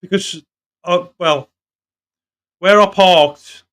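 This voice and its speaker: Bright smooth-voiced man hosting a chat. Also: sits high, extremely slow. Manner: encouraging, short agreeing replies. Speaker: host. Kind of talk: casual chat.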